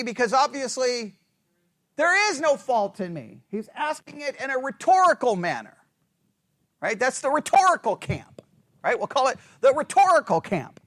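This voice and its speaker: A man's voice: very high voice, big pitch swings, moderate pace, a bit bright. A man teaching a conversational Bible study who asks his class questions and acts out quoted lines.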